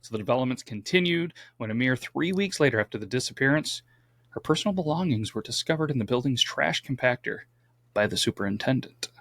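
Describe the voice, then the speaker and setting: A man's voice: mid-range voice, expressive, fast, fairly bright tone, dry recording, clean studio sound. A man co-hosting a casual true crime podcast, reading out the case and adding wry asides. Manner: reads case notes, adds wry asides. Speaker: podcast co-host.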